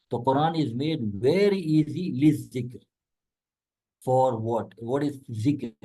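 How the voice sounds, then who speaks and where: A man giving a conversational religious lecture, explaining Arabic words and quickly reciting verses between plain explanations. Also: medium pitch, dark tone, low-quality recording. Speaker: Islamic lecturer.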